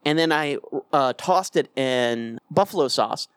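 A man's voice: medium pitch, lively intonation, measured pace, fairly bright tone, clear, resonant tone, no room sound, clean studio sound. A man co-hosting a podcast in casual, profane, joking chat, acting out quoted lines. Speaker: podcast co-host.

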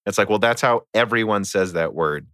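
Man, midwestern american accent, bright tense voice, dry close sound, joking podcast host. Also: on the low side, normal speed, no room sound. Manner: joking, reads listener mail. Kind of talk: casual chat.

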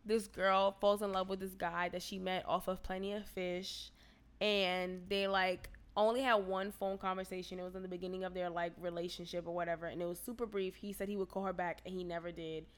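A woman telling a story in casual chat, profane and animated, often rising to loud indignation. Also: on the low side, fairly quick, smooth.

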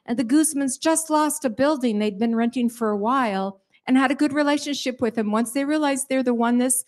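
A middle-aged woman giving a chatty church testimony to the congregation, with some fillers and lively emphasis. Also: sits high, fairly quick, hardly any pauses. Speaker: pastor's wife sharing a report.

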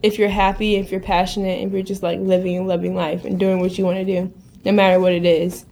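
A young woman from Minnesota talks with a guest on a podcast in casual chat. She is eager and chatty, with a voice of middling pitch, and she often picks up and finishes her twin's sentences. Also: level tone, fast talker, creaky, dark tone, a little hiss or hum. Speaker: guest, eyewear designer.

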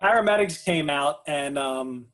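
A man hosting a live storytelling podcast, easygoing and quick to laugh. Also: fairly high pitch, animated, a bit bright. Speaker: podcast host.

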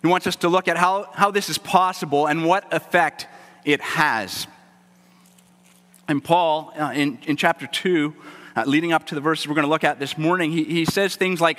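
A male pastor delivering a sermon in an earnest, conversational way. His voice is bright and forceful, with a fairly high pitch, and it carries a long reverb as in a large hall. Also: moderate pace. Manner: earnest, conversational preaching with repeated words.

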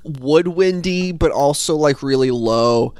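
A man's voice: on the high side, slow pace, darkish tone, clean tone. A man guesting on a podcast, chatting casually, agreeable and a little hesitant as he restarts his thoughts. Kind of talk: casual chat.

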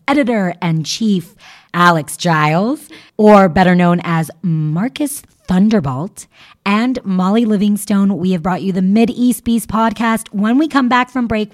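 A woman's voice: mid-range voice, normal speed. A woman co-hosting a casual podcast, upbeat, laughing easily and reading out plugs for the show. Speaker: podcast co-host.

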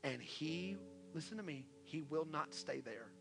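A male pastor preaching a sermon, repeating his calls and swinging from hushed pleas to loud exhortations. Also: on the high side, animated, measured pace, creaky. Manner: impassioned, repetitive exhortations, swings from hushed to shouting. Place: church sanctuary. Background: soft worship music.

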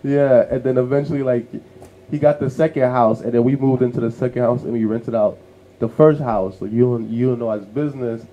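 Warm-voiced man telling stories animatedly. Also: medium pitch, a little fast, lo-fi sound. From New York City. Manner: lively storyteller who acts out family voices. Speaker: co-host. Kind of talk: casual podcast conversation.

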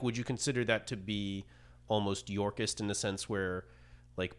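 Low-voiced guy asking long hesitant questions, casual chat. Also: fairly bright tone. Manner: tentative, hedging long questions. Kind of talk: conversational interview questions.

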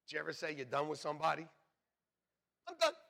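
A male pastor with a high, bright voice delivers a sermon over a church microphone. He talks like he is chatting with the congregation and slips in jokes and asides. His level swings from near whispers up to shouts. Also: level tone, rapid-fire, creaky. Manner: conversational, joking asides, drops to near whispers then builds to shouts.

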